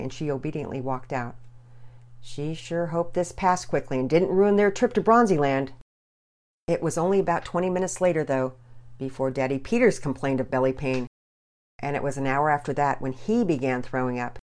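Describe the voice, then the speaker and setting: A woman narrates a children's storybook with a low voice. Her reading is measured and expressive.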